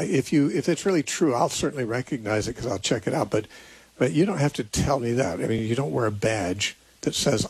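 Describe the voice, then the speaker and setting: A man with a medium-pitched, slightly rough voice hosts a call-in radio show, answering listeners' Bible questions. His unscripted teaching is earnest and thought out aloud, with frequent restarts, and there's no echo.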